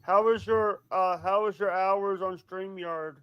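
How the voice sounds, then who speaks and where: Man, high smooth voice, dry close sound, dull lo-fi headset audio, friendly and apologetic. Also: steady tone, a little slow, no room sound. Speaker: caller on a livestream. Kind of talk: casual chat. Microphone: cheap headset.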